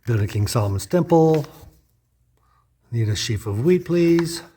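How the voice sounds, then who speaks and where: A man's voice: medium pitch, expressive, unhurried, mellow, a little hiss or hum. A man casually narrating a walking tour of a lodge room, thinking aloud with frequent restarts and guesses. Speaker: vlogger touring a lodge.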